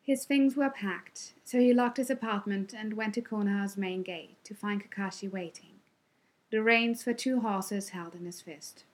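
Brief: woman narrator, calm measured storybook reading, mid pitch.

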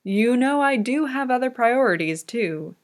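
A woman's voice: on the high side, expressive, measured pace, voice pushed up. A woman voicing a cheerful, teasing young male figure skater in a fan audiobook reading. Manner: teasing, playful.

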